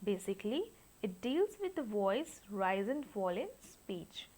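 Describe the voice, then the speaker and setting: A woman's voice: mid-range voice, sing-song, unhurried, darkish tone, rough recording. A woman teaching a phonetics lesson, carefully spelling out sounds and syllables with examples. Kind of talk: slow classroom lecture.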